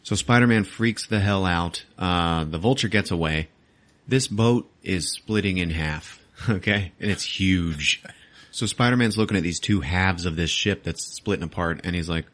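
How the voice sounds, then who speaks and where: Deep-voiced man recapping a movie casually. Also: moderate pace, fairly bright tone. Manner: loose, laughing, swears often, acts out the scenes. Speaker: podcast host.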